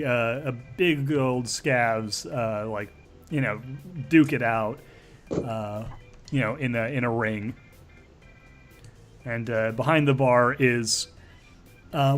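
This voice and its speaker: Rambling man running a tabletop game. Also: medium pitch. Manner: rambling with many fillers. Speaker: game master. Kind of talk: narrating a tabletop role-play.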